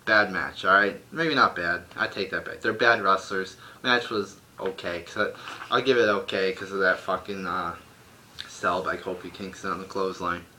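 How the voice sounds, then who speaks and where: Low-voiced young man ranting, swearing. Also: fairly even intonation, moderate pace, sharp tone. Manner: profane, blunt, exasperated ranting. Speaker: wrestling show reviewer. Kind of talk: casual ranting review. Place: home room.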